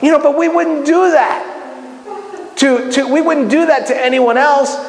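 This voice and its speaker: High-pitched animated male preacher. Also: measured pace. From Miami, United States. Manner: animated, acts out prayers, many restarts. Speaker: bible teacher. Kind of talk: sermon-style teaching. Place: community center hall. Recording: echoey hall with long reverb.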